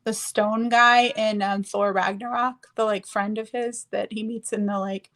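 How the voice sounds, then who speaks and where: A woman's voice: mid-range voice, steady tone, a little slow, a bit bright, low-quality recording. A woman chatting casually while doing her makeup on a stream, rambling and searching for words as she goes.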